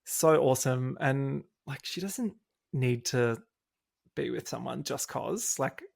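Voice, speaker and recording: An Australian man hosting a podcast, bubbly and energetic and quick to laugh in casual chat. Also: mid-range voice, gravelly. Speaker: podcast host. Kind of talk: casual chat recapping a reality show.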